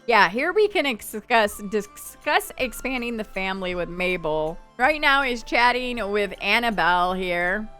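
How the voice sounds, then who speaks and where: Bright, chatty woman gaming host. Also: medium pitch. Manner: chatty, voices her Sims' thoughts in quick asides. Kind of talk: casual gameplay commentary. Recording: faint background game music.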